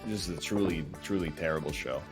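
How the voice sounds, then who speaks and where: A man's voice: deep voice, over music. A man streaming a game with his co-host, chatting casually with dry, wry remarks. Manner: dry, wry commentary, rattles off lists quickly. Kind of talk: casual chat while gaming.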